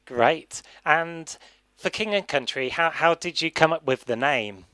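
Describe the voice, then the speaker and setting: A man's voice: on the high side, a little slow, bright, forceful tone, clear, resonant tone, no echo. A man hosting a radio interview who asks his questions with some hesitation and repeated words. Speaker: radio DJ host.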